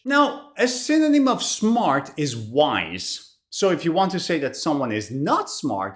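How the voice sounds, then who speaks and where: A woman teaching an online English vocabulary lesson, animated and slowly repeating key words so learners can copy the pronunciation. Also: on the low side.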